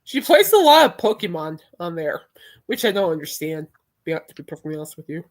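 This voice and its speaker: A woman's voice: fairly low pitch, sing-song, brisk. A young adult woman hosting a podcast in casual chat, rambling and laughing often. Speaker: podcast host.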